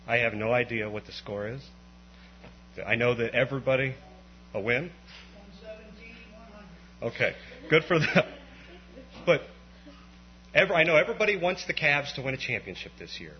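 A man's voice: mid-range voice, normal speed, long pauses. Guy preaching a sermon, voice jumps all over when he gets fired up, kinda muffled lo-fi recording. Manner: animated, swings from quiet to impassioned rising outbursts. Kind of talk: conversational sermon. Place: evening church meeting. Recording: dull lo-fi recording with faint mains hum.

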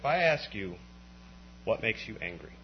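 A man preaching a conversational sermon at an evening church meeting, swinging from quiet explanation to impassioned, rising outbursts. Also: fairly low pitch, big pitch swings, moderate pace. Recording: dull lo-fi recording with faint mains hum.

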